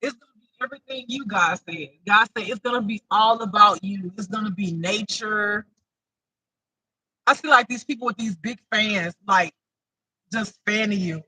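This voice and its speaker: A woman giving a casual intuitive spiritual reading, talking emphatically and breaking into loud, laughing outbursts. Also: mid-range voice, moderate pace, husky, dry recording, rough recording.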